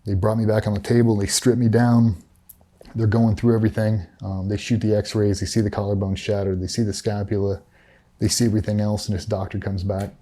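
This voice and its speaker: A man's voice: lowish voice, flat delivery, brisk, warm tone. A middle-aged man recounting a personal story in a candid interview, blunt and matter-of-fact, with frequent swearing. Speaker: interview guest, former special operations veteran.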